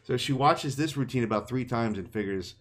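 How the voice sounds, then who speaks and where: A man's voice: mid-range voice, brisk. A man co-hosting a podcast, casually retelling a fantasy novel chapter with playful quoted voices and laughter. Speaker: podcast co-host. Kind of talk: casual book discussion podcast.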